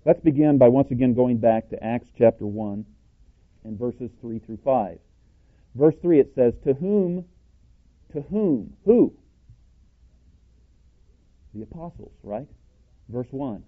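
A plain-spoken, self-described cowboy preacher teaching from scripture in a mid-pitched voice. He is emphatic and keeps quizzing his listeners with rhetorical questions. The sound is thin and tinny, like a phone line. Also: unhurried. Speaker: Bible teacher. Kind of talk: scripture-based sermon teaching.

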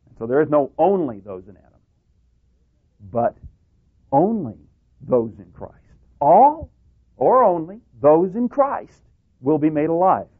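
A man's voice: fairly high pitch, measured pace, pauses often. A man preaching a sermon and teaching from the Bible, stressing single words and asking his listeners questions. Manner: emphatic, lively, stresses single words, asks the audience questions. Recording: tinny phone-like radio broadcast.

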